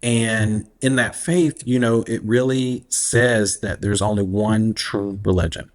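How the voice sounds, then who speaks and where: A man, speaking as an interview guest in a reflective, unhurried way and laughing easily. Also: fairly low pitch, steady tone. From Alabama, US. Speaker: guest, activist. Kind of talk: casual interview conversation.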